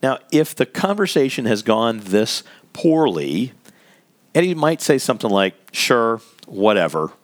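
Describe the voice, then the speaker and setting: Man teaching in a lively, conversational way. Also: medium pitch, measured pace. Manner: conversational, explains with acted scenarios, laughs lightly. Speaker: workplace communication trainer. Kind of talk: instructional talk.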